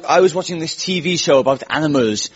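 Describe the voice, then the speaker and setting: A man's voice: fairly high pitch, fast. A man from Wales hosting a comedy show, telling stories in a self-mocking, wry, chatty way before a live audience. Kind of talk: stand-up storytelling. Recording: muffled live audience recording with noise.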